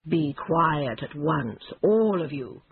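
A woman voicing a wise, stern old male badger in a storybook reading, speaking deep, slow and grave. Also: animated, creaky, husky, no echo, exaggerated voice. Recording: tinny phone-like lo-fi sound.

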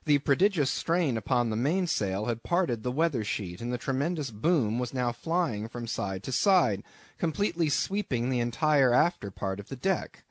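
A man narrating a classic novel as an audiobook, in an expressive, measured storytelling manner. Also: medium pitch, dry recording.

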